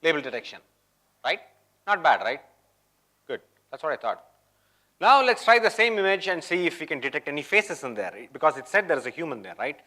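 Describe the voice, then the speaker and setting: A man's voice: fairly high pitch, sing-song, brisk, pauses often, sharp tone. Chatty man giving a live tech demo. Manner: chatty, keeps checking in with the audience. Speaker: tech conference presenter. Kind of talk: live coding demo talk. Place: conference hall.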